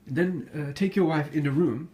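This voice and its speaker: A man's voice: fairly high pitch, normal speed, warm tone, lightly acted. A man voicing a boastful male rooster who gives bossy instructions in a loosely told folk tale.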